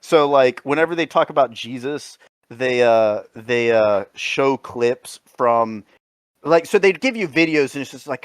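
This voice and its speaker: A man's voice: medium pitch, lively intonation, moderate pace, no echo, studio quality. A man co-hosting a comedy podcast, chatting casually in a rambling way, often laughing and swearing. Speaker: podcast co-host.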